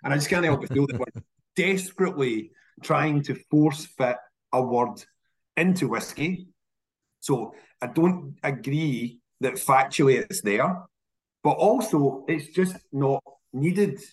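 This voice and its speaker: A man with a Scottish accent telling stories in a casual interview, animated and often repeating words as he restarts. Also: medium pitch, slow pace. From Scotland. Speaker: whisky industry guest.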